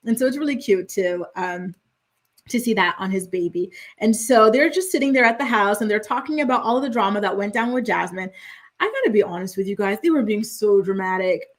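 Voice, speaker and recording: A woman's voice: mid-range voice, expressive, fairly quick. A young woman hosting a chatty, opinionated reality TV recap, with exasperated asides. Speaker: host.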